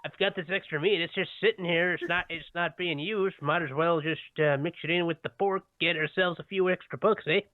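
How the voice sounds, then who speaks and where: A folksy Canadian man, as a male podcast host puts him on drawls about spare meat in a bad, self-mocking Canadian accent. The voice is slightly high, and it comes through a thin, phone-like line with no room sound. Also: steady tone, brisk, few pauses, dry recording, lightly acted. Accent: put-on Canadian.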